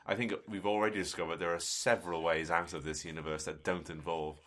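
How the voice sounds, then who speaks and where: A man's voice: sits low, steady tone, fast talker, a bit bright, slight background noise. A man co-hosting a podcast who chats wryly about the story. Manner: wry, thoughtful. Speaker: podcast co-host. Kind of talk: casual chat.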